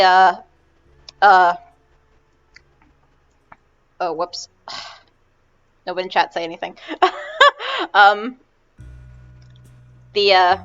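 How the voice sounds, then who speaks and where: A woman's voice: mid-range voice, a bit bright, highs cut off. A woman narrating a tabletop game as game master, rambling and hesitant with many fillers.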